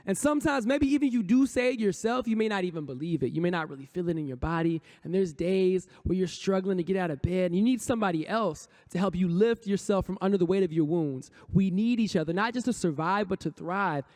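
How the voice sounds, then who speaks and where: A man's voice: high voice, darkish tone. A man, a poet and rapper, giving a motivational conference talk, chanting affirmations rhythmically and leading the audience in call-and-response. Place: conference hall stage.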